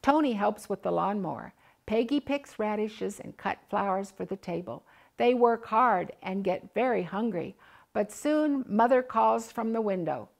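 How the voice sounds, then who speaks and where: An older woman reading a children's picture book aloud, gently voicing the animals and family. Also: medium pitch, animated, measured pace, vocal fry. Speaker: storybook reader.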